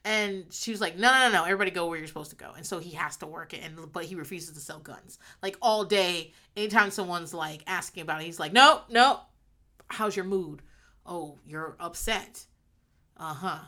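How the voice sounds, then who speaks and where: Bright-voiced rambling woman recapping a sitcom. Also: lowish voice, quick pace, few pauses. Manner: rambling, laughs often, acts out characters' lines. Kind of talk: casual chat recapping a sitcom.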